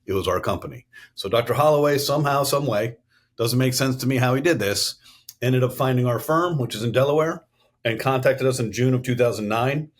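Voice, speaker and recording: Speaking a little fast at a medium pitch, this middle-aged CEO from the US East Coast recounts stories as a podcast guest. His interview answers come across earnest and businesslike.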